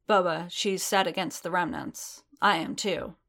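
Reserved warrior guy, halting and earnest, lowish voice, woman reading. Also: a bit bright. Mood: hesitant.

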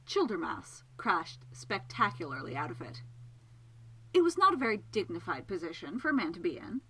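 A woman reading a novel aloud with an expressive, lively delivery, her pitch moving freely through the sentences. Her voice is bright and clear, with a crisp, forward tone. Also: normal speed, low-quality recording. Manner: expressive storytelling. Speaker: audiobook narrator. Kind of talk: scripted narration.

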